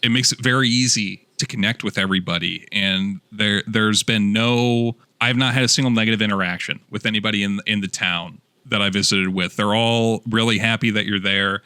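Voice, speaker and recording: A man's voice: lowish voice, pushed and bright, smooth, no room sound. A man talking as a podcast guest, enthusiastic and rambling with many fillers. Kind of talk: casual chat.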